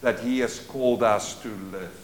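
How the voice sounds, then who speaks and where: A man preaching a sermon as pastor, leading call-and-response and moving between quiet asides and loud declarations. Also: medium pitch, fairly even intonation, normal speed, reverberant, slight background noise. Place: church.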